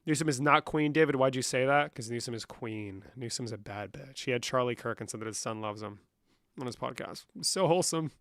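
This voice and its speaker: A man's voice: medium pitch, a little fast, fairly bright tone, dry recording, studio quality. A young man live-streaming, casually reading chat comments and answering them with lots of swearing. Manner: profane, reads chat aloud and answers.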